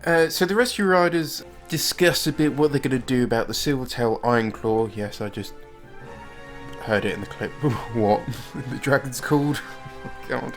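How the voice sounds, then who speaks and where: A man's voice: medium pitch, normal speed. A man from Britain hosting a casual review, narrating the plot with wry, laughing asides. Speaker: host narrating a show review. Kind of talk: casual commentary. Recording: faint music under the voice.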